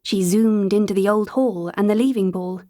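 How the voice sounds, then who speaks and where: A woman narrating an audiobook in a scripted reading, slowing to a drawn-out, dreamy pace in the hazy passages. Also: mid-range voice, steady tone, dark tone, no echo, clean studio sound.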